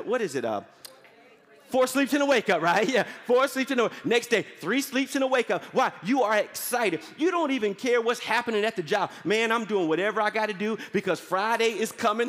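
A man preaching a sermon as pastor with energetic call-and-response, prompting the congregation often. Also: high-pitched, big-room sound. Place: large church hall.

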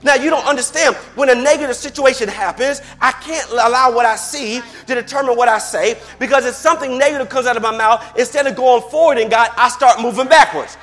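Fervent high-voiced male preacher. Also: a little fast, hardly any pauses, soft background music. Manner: fervent, repeating himself, rising into shouts; calls for responses from the congregation. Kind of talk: sermon.

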